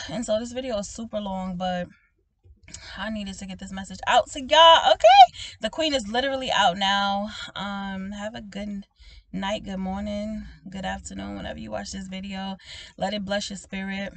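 A woman preaching informally to her online viewers, animated and emphatic, often asking "okay?" and calling them "baby", with frequent laughs. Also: mid-range voice, moderate pace. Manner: laughs often, swinging between loud exclaiming and soft talk. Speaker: prophetic minister speaking to online viewers.

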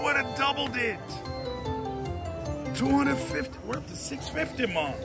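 Male slot vlogger, high lively voice, excitable running commentary, slot machine music behind him. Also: unhurried, pauses often. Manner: exclamatory, keeps saying "oh, Lord" and "everybody".

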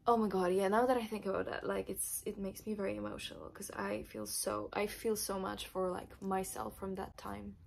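A woman's voice: medium pitch, vocal fry, husky. A young woman, not a native English speaker, telling an emotional personal story in her vlog, with many filler words. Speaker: vlogger.

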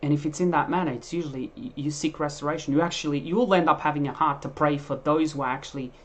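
A man preacher delivering a sermon in an emphatic, animated way, with frequent restarts. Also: fairly high pitch, fast.

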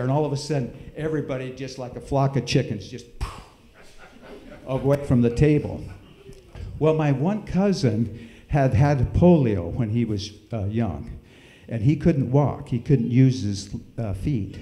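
A middle-aged man telling a folksy, animated story with sound effects during a church service. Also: medium pitch, a little slow, echoey room. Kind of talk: storytelling in a sermon. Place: church hall.

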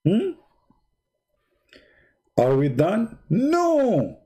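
The channel host's voice is medium-pitched, dark and animated, with an unhurried delivery. He keeps drawing while he riffs sarcastically, drifting into asides and posing derisive rhetorical questions.

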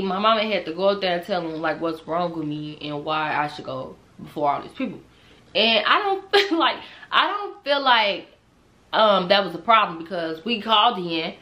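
A young woman tells a storytime to her viewers in a bright, forceful voice. She is animated and laughs often, swearing freely as she goes. She keeps speaking directly to the people watching. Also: mid-range voice. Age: young adult. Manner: talks straight to viewers. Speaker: storytime vlogger. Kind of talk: casual storytime.

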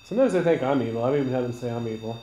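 A woman's voice: a bass voice, animated, rapid-fire, dark tone, highs cut off. A woman hosting a paranormal investigation, chatting with her group and speaking directly to spirits in an old hotel. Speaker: ghost hunting host. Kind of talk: casual paranormal investigation chat. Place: indoor room of an old hotel. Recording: echoey room, faint noise.

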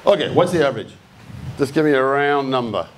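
A medium-pitched, animated male voice moves a little fast, with a slight hiss or hum underneath. It belongs to an Australian man speaking at a creative talk before a live audience in an event room, blunt and casual, swearing and putting questions to the crowd.

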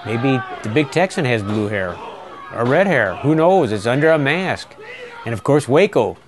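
A middle-aged man giving folksy, excitable play-by-play commentary on a wrestling match. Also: mid-range voice, moderate pace.

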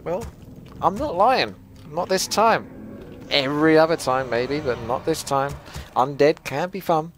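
A man's voice: a little high, expressive, measured pace, slight background noise. Chatty young man doing game commentary. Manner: chatty, joking, laughs often. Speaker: gaming commentator. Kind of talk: casual gameplay commentary.

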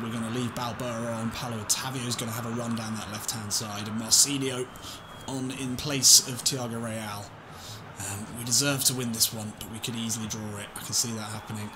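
Excitable gamer commentating football. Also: male voice, mid-range voice, noisy background. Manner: excitable, swings from calm muttering to shouting and laughing. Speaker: gaming YouTuber. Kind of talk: let's-play football game commentary.

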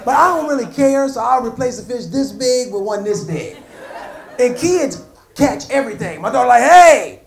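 A stand-up comedian with a very high-pitched voice performs a set on a comedy club stage, telling stories animatedly at a moderate pace and landing loud punchlines. The echoey room carries crowd noise and audience laughter.

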